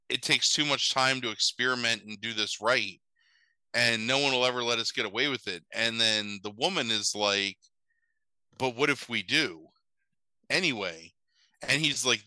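A man's voice: medium pitch, bright, forceful tone, clear, resonant tone, dry recording, poor audio. A man hosting a podcast, recapping a film in casual chat, rambling and swearing, with many fillers and asides.

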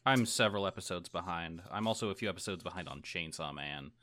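Podcast cohost guy, kinda low voice, says hell yeah a lot, upbeat. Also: fast talker, bright, forceful tone. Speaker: podcast co-host. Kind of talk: casual chat.

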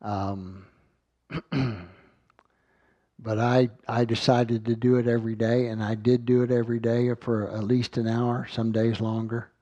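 A man's voice: mid-range voice, little pitch movement, a little slow, pauses often, dark tone, no room sound, dull audio. A man giving an earnest sermon, reading scripture aloud and often repeating words as he finds his thought. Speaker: Bible teacher.

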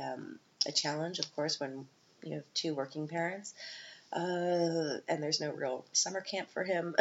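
A woman hosting her own podcast, talking candidly in a casual monologue with many fillers and self-corrections. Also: deep voice. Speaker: podcast host and mother. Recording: slightly muffled with faint hiss.

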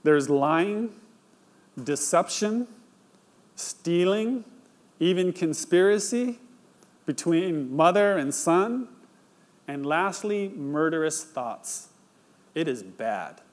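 A man's voice: fairly high pitch, lively intonation, takes it slowly, pauses often. A male pastor preaching, reading a scripture passage aloud and retelling it in plain storytelling before drawing the lesson. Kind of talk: sermon.

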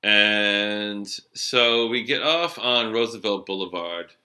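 A middle-aged man with a strikingly bright, forceful voice, telling an animated cab-driving story. He sits a little low in pitch, and his talk is loose and sprinkled with swearing. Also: slow pace. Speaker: storyteller, former cab driver. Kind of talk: casual storytelling chat.

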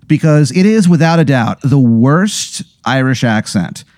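A man's voice: mid-range voice, animated, measured pace, a little mellow, dry recording, clean studio sound. A man acting as game master, narrating an improvised comedy scene in a rambling, profane, joking way. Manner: rambling, profane, laughing storyteller.

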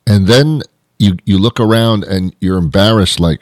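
A man with an extremely deep voice rambles through a comic monologue as a show host. He trips over his own words and swings into mock outrage. The sound is close and completely dry, with no room at all. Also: measured pace, a little mellow, no room sound.

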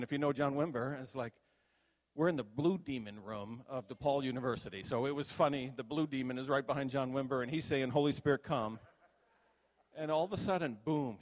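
Middle-aged guy preaching his testimony, lively storyteller, long echo like a church hall. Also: mid-range voice. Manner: animated storytelling, acts out quotes. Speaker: pastor. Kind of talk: testimony sermon.

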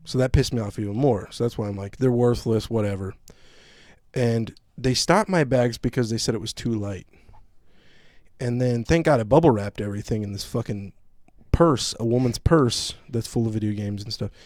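A man's voice: mid-range voice, normal speed, no room sound. Profane ranting man, dry sound. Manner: profane, animated storytelling rant. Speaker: podcast host. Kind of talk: casual chat.

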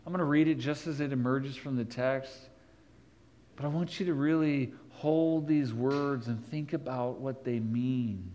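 A man preaching a sermon, rising to emphatic peaks and dropping low and slow to read scripture. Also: dark tone, poor audio. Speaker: pastor.

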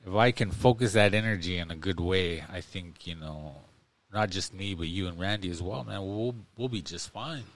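A man's voice: deep voice, moderate pace. A man co-hosting a podcast in casual chat, rambling with lots of fillers and speaking in an earnest, encouraging way. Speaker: podcast co-host.

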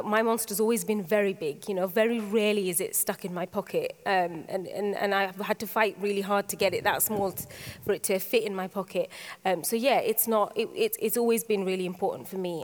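A woman from Britain speaks candidly on a conference stage. She tells stories quickly and with energy, often restarting her sentences. Her voice carries a long, ringing reverb from the large hall. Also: mid-range voice. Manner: quick, animated, with frequent restarts. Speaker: guest author on stage. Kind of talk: candid conversational storytelling.

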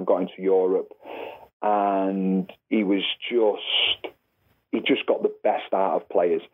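A former footballer appears as a podcast guest, his slightly rough male voice coming through phone-line quality audio. He tells anecdotes animatedly, acting out quotes with a rising pitch.

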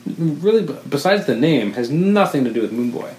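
A male podcast co-host with a fairly high, expressive, slightly mellow voice talks at a moderate pace in a casual chat, rambling and correcting himself enthusiastically. The recording has a roomy echo, faint ambience, and a little hiss or hum.

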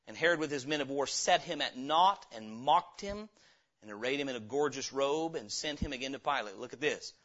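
A man preaching a revival sermon, emphatic, acting out dialogue with sudden swings between loud and hushed. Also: medium pitch, expressive, fairly quick, dull audio.

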